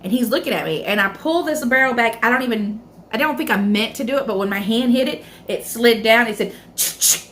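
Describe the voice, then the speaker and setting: A woman vlogger telling a personal story in a casual mukbang storytime, chatty and animated, acting out her own past reactions and calling viewers "y'all.". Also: on the high side, fast talker, hardly any pauses, slight background noise. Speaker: food vlogger.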